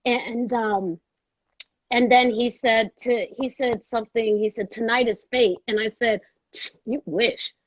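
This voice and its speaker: An actress from Brooklyn, New York, appears as a guest in a storytelling conversation, acting out the voices of the people she quotes. Her fairly high voice moves at a measured pace, and the recording sounds dull and dry.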